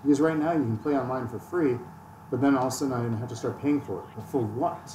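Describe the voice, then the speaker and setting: A man's voice: mid-range voice, fast, mellow. A man chatting casually on a gaming podcast, ranting and joking about himself. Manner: ranting, self-mocking. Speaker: podcast host. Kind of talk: casual chat. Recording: echoey room, distant mic, faint noise.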